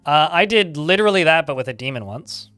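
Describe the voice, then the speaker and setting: A man's voice: a little high, lively intonation, fairly quick, pushed and bright, faint music behind. A man giving casual live gameplay commentary, chatting, reading game text aloud and swearing casually. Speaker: game streamer.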